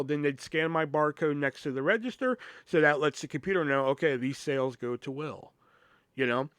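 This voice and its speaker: Brief: male podcast host spinning a long work story, cussing, rambly, slightly high voice, dry close sound. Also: moderate pace, a bit bright, smooth, dry recording. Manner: profane, rambling, lots of "you know". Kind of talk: casual storytelling.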